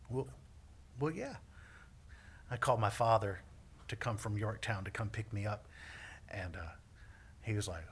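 Male preacher, sermon, husky voice, bright and forceful, animated storytelling. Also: on the low side, moderate pace, long pauses. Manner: animated storytelling, laughs often, repeats words. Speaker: minister. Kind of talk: sermon with personal testimony.

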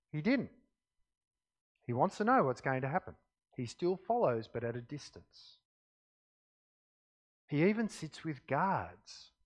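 A man preaching a sermon, reading scripture aloud and explaining it with expressive emphasis that drops to quiet asides. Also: a little high.

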